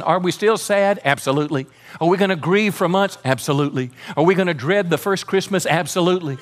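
Fervent higher-voiced male pastor preaching. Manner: fervent preaching with congregation call-outs. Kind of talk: sermon.

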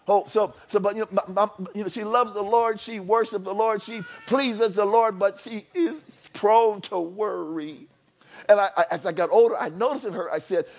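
A man preaching a sermon in a church. He is animated and chatty, repeating phrases and rising from soft asides to near-shouting. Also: high-pitched. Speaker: pastor.

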